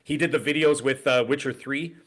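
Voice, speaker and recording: A quick-talking middle-aged man in easy podcast chat, spilling one rambling story into the next. He speaks at an ordinary pitch and slips into short put-on voices whenever he quotes someone. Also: steady tone, fairly bright tone. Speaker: podcast co-host. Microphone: desk podcast microphone.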